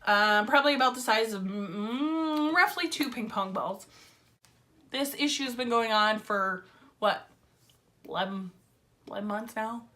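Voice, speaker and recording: A woman's voice: fairly high pitch, unhurried, long pauses, sharp tone. A woman telling a casual story-time vlog in a chatty, filler-heavy way, with wry sarcasm. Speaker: vlogger.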